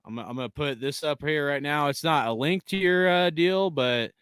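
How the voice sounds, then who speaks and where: Chill guy rambling about his jersey, slightly high voice, dry mic. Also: normal speed, a bit bright, clear, resonant tone, dry recording. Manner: laid-back, rambling, swears, trails off. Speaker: fan show co-host. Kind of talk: casual sports fan chat.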